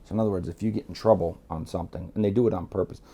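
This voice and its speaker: A man's voice: deep voice, steady tone, racing, dark tone, slightly rough. A middle-aged man from Miami, telling a blunt, profane story as a guest. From Miami, United States. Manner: blunt, swears freely, acts out quotes.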